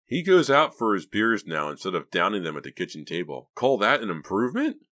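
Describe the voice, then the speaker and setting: A man voicing a frightened teenage boy in an audiobook, glum and prone to excited cries. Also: on the low side, fairly quick, no echo, studio quality, pitched above the performer's own voice. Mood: worried. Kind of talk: audiobook reading.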